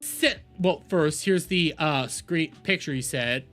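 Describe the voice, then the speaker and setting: A woman's voice: low voice, takes it slowly, a bit bright, faint music behind. A woman streamer giving reaction commentary, ranting in exasperation and often repeating her words.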